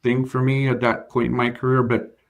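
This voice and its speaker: Speaking at normal speed in a monotone, medium-pitched voice, a bank CFO being interviewed as a guest earnestly shares a story about his work. His delivery is halting, packed with fillers and frequent restarts.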